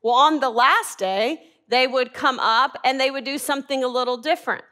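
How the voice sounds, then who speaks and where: A woman's voice: high voice, normal speed, sharp tone. A woman teaching a Bible class, asking the group questions and answering them herself.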